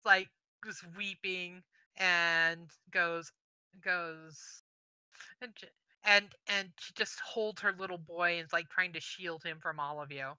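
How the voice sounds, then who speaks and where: A woman narrating a tabletop game as game master, setting scenes in an unhurried way with fillers. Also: on the low side, steady tone, bright, forceful tone, clear, resonant tone, no echo, rough recording.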